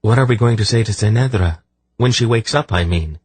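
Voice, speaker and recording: An anxious, earnest young man, as a male narrator puts him on, talking fast and uncertainly. The slightly husky tone sits close and dry in an audiobook. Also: on the low side, a little mellow, no room sound, voice pushed up. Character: shaken young man, earnest and a little clumsy. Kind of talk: audiobook reading.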